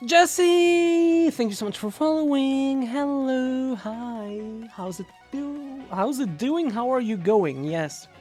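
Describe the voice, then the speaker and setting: A woman's voice: sits high, expressive, faint music behind. A young woman streaming live, chatting casually with viewers, swearing and laughing easily. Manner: loud swearing outbursts and quick laughter.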